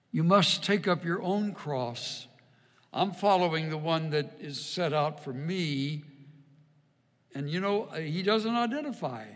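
Male pastor, middle-aged, wry and earnest, fairly high pitch, echoey sanctuary sound. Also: fairly bright tone. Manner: conversational storytelling, wry and earnest. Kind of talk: sermon with personal stories. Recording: long reverb of a large hall.

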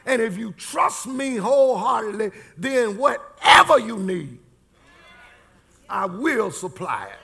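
High gravelly-voiced preacher man. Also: sing-song. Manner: call-and-response preaching, shouting key lines, drawn-out words. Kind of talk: sermon.

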